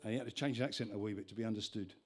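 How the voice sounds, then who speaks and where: On the low side and steady in tone, this man's voice runs very fast over music as he talks between songs on stage at a live music venue. A folk singer-songwriter using a stage vocal mic with a monitor, he's chatty and meandering, constantly cutting himself off to begin sentences again.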